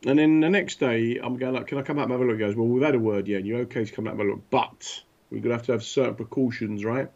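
A man telling animated anecdotes in casual chat, acting out the voices of the people in his stories. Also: mid-range voice, very fast, few pauses. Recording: dull lo-fi sound.

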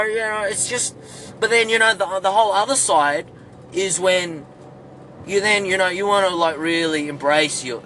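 A man's voice: a little high, bright, forceful tone. A man with an Australian accent putting on a rambling young Filipino Australian man in a comedic monologue, full of fillers and restarts. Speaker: comedy character.

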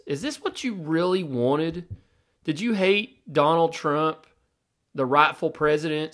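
Sarcastic ranting podcast host, man. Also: a little high. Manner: sarcastic, ranting, rhetorical questions. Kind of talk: opinionated podcast commentary.

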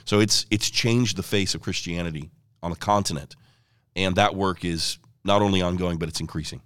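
Man, very low voice, dry close sound, earnest evangelist storyteller. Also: normal speed, a bit bright, smooth, no echo. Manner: earnest, fluent storyteller who quotes others. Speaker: evangelist guest. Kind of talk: conversational interview storytelling. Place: ministry headquarters office.

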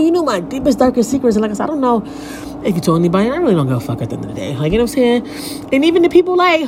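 Female podcast host, solo rant at home, fairly high animated voice, crude and unfiltered, room noise behind her. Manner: candid, profane, rambling storytelling with frequent fillers. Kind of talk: casual solo podcast monologue. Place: at home by a window.

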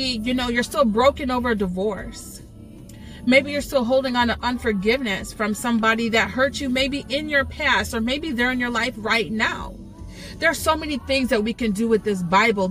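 A woman speaks to camera in a passionate devotional talk. Her voice sits high and bright. She pleads and repeats herself for emphasis, with soft music in the background. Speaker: Christian video teacher.

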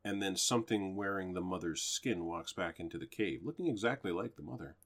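Very deep-voiced man chatting casually. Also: a little fast, a bit bright. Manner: rambling, loose retelling with fillers and swearing. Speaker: podcast co-host. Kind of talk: casual chat reviewing movies.

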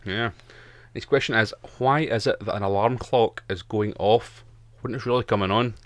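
A man's voice: on the low side, moderate pace, a bit bright, no room sound. A Scottish man co-hosting a podcast, joking and swearing in casual banter. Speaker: podcast co-host. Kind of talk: casual chat.

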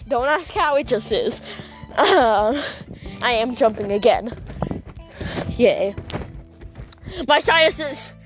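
A woman telling a rambling story while she walks outdoors at night. She giggles often and fills her speech with "like". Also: fairly high pitch. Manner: rambling, giggly, full of fillers like "like". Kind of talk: casual vlog storytelling.

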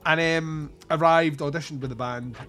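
A man's voice: fairly high pitch, fairly even intonation, normal speed, a bit bright, soft background music. A Scottish man from Scotland chatting casually about films, rambling through anecdotes and swearing freely.

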